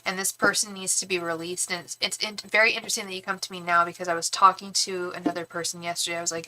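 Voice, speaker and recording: A woman's voice: on the low side, flat delivery, fast talker, few pauses, pushed and bright. A young woman reading tarot live, talking in a rambling, frank way with casual swearing and many restarts. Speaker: tarot reader and psychic medium.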